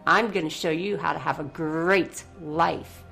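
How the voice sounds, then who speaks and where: A woman's voice: sits low, unhurried, creaky, faint music behind. Effusive upbeat woman radio host. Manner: effusive, upbeat, swings from soft to excited. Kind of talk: motivational radio talk with guided breathing.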